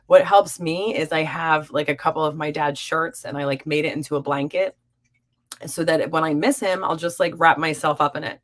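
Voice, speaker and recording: A young adult woman hosting a live stream as a psychic reader, chatting warmly and encouragingly with viewers. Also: low voice, steady tone, moderate pace. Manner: warm, encouraging and upbeat. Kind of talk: live-stream chat reading viewer comments.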